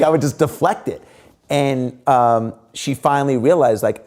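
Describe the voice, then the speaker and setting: A man's voice: mid-range voice, a little fast. A middle-aged man, an interview guest, telling stories casually with many fillers and acted-out quotes. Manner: animated, lots of fillers and quoted dialogue. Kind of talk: casual storytelling.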